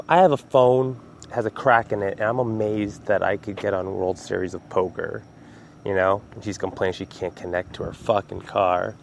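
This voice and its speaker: Male podcast host, lowish voice, loose storyteller who swears a lot, home recording with slight background noise. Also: steady tone, normal speed, creaky. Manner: laid-back, rambling, swears freely, laughs at own stories. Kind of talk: casual solo podcast storytelling.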